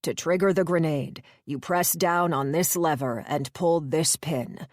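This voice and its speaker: A woman voicing a steady male survivor who explains how to use weapons in a calm, instructive way. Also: low-pitched, unhurried, no echo, clean studio sound.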